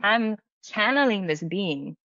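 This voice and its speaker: A woman's voice: medium pitch, lively intonation, slow pace, fairly bright tone, no echo. Chatty middle-aged woman, lo-fi. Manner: chatty, filler-heavy, acts out quoted dialogue. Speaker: medium and healer, podcast guest. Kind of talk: casual storytelling interview. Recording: dull lo-fi dry sound.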